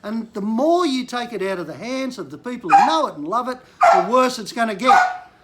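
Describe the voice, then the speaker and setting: A man's voice: very high voice, animated, brisk, heavy background noise. An older man from Queensland with an Australian accent, a bush mechanic venting frustration in a blunt political rant to camera. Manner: frustrated, blunt, rising to angry outbursts.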